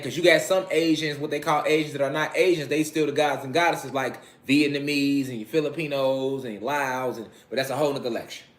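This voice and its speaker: A man's voice: medium pitch, fairly bright tone. A man giving a casual, emphatic spiritual lecture, repeating key phrases and checking in with his listeners. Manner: loose, conversational, with frequent swearing. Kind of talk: casual documentary monologue.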